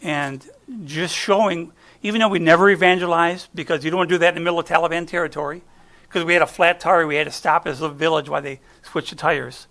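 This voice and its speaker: A middle-aged American man, a guest speaker, delivers a chatty, folksy sermon full of personal stories, often trailing off and starting over. His voice is a little high and a bit bright, with a steady tone, and he talks fast.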